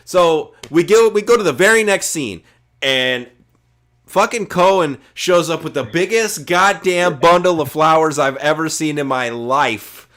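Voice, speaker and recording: A man's voice: a little high, a little slow, fairly bright tone. A man co-hosting a podcast, retelling movie scenes in a rambling, profane, casual way with lots of filler words. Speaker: podcast co-host. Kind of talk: casual movie review chat.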